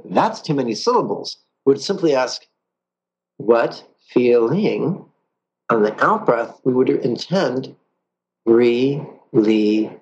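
A man teaching a guided meditation lesson, calm and playful, with drawn-out pauses. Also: medium pitch, husky, lo-fi sound.

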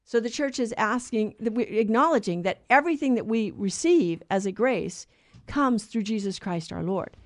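A woman's voice: a little high, animated, normal speed, no room sound, clean studio sound. A woman co-hosting a Catholic talk show, teaching in an earnest, storytelling way. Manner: earnest storyteller who acts out quoted voices. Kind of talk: conversational faith teaching.

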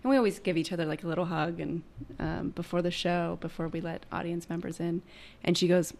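Reflective woman with a gravelly low voice. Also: fairly even intonation. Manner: reflective, halting, searching for words. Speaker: performer. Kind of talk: casual conversation.

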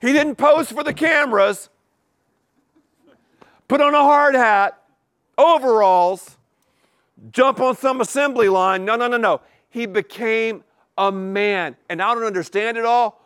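A man's voice: very high voice, unhurried, long pauses, fairly bright tone, clean tone, dry recording, clean studio sound. A man preaching a sermon, repeating key words for emphasis and asking the congregation rhetorical questions. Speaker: pastor.

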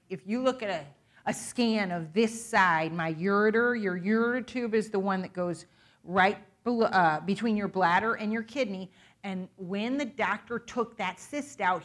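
Bright-voiced woman preaching a chatty sermon. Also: mid-range voice. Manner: chatty, candid, quick to laugh at herself. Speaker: guest preacher. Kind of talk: informal sermon with personal testimony. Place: church sanctuary.

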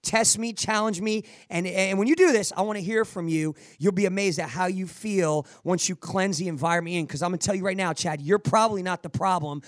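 A middle-aged man hosting a podcast and giving energetic, preachy motivational advice, often repeating words as he restarts. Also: high voice, brisk, few pauses, no room sound, clean studio sound. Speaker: podcast host answering listener questions.

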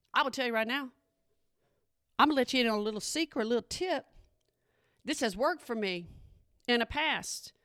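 Talking directly to her listeners, this parent monologue host, a middle-aged mom, is sassy and emphatic in her casual chat. She has a fairly high-pitched, somewhat bright voice, and the clean studio sound has no echo.

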